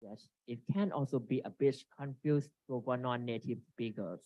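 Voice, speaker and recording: Halting man presenting a seminar. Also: medium pitch, dry recording. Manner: halting, reads from slides with frequent restarts. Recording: dry, dull lo-fi recording.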